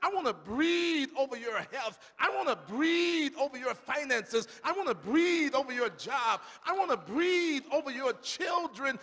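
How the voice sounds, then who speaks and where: A man's voice: extremely high pitch, very animated, unhurried, few pauses, pushed and bright, voice pushed up, exaggerated voice. A man preaching who voices God as a loving, urgent male deity pleading to be let in. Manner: pleading, insistent repetition. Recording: long reverb of a church sanctuary.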